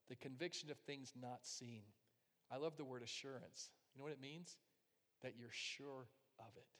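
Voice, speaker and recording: A man preaching a sermon, telling a personal story and swinging between loud, emphatic passages and hushed, quiet ones. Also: fairly high pitch. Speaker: pastor. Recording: long hall reverb.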